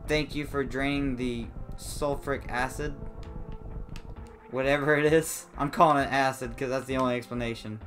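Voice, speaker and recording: Excitable man commentating a game. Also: moderate pace. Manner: excitable, jumps into high squeaky exclamations; comically dramatic complaining. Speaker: let's play gamer. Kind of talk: let's play commentary. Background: faint game music.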